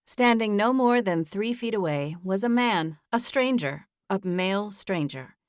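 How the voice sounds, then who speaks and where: A woman's voice: medium pitch, no room sound. Dry, close female audiobook narrator. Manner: even, measured first-person storytelling. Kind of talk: scripted narration.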